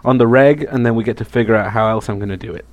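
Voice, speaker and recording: A man's voice: on the low side, rapid-fire, no echo, muffled recording. Dry-joking man co-hosting a podcast. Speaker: podcast co-host. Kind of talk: casual podcast chat.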